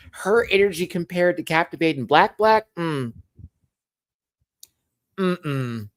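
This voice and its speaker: A man's voice: a little high, lively intonation, takes it slowly, long pauses, fairly bright tone, dry recording. A man hosting a casual reality-TV review rant at home, sassy and slang-heavy. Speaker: show reviewer and host. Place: at home, with a pet on his lap.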